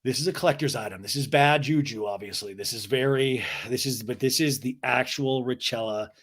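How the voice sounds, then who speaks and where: A man's voice: medium pitch, brisk, a bit bright. A man hosting a podcast, giving a sarcastic, profane comedic recap of a reality TV episode. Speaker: podcast host.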